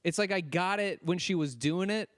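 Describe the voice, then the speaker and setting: A young man co-hosting a podcast, telling an animated story and acting out quotes in a casual rant. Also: high-pitched, normal speed. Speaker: podcast co-host. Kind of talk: casual ranting chat.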